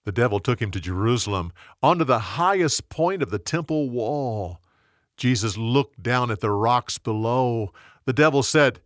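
A man narrating a Bible story in a dramatic, expressive scripted reading. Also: medium pitch, moderate pace, dry recording, studio quality.

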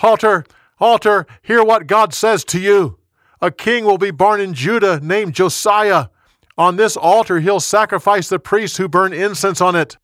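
A bold, urgent young prophet, as a man voices him, crying out his warnings in a raised, higher voice. The sound is close and dry, with no room around it. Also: brisk, no echo, close to an everyday voice. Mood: proclaiming. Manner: loud proclaiming.

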